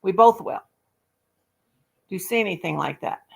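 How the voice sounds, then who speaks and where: A woman's voice: mid-range voice, moderate pace, creaky, a little mellow, husky. A woman hosting a casual livestream, chatting and thinking aloud while she fiddles with settings. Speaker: livestream host. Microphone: laptop or phone mic on a live call.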